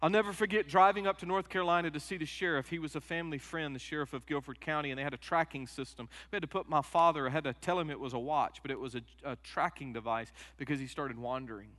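A middle-aged man preaching a sermon, moving from quiet personal stories to loud, emphatic peaks. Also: on the high side, fast, few pauses. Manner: emotional storytelling, rising to loud emphatic peaks. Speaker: pastor. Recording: long hall reverb.

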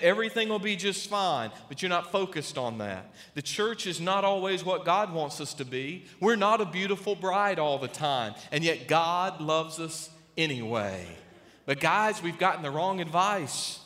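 High-voiced, emphatic male preacher in a hall. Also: lively intonation. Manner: emphatic, with dramatic pauses and swings in loudness. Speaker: pastor. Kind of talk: sermon. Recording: long reverb of a large hall.

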